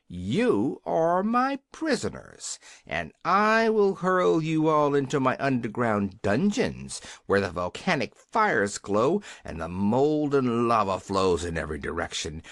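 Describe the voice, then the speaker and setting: A male narrator voicing a pompous, cowardly gnome king with a gruff, commanding tone. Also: medium pitch, a bit bright, no room sound, clean studio sound, heavily acted.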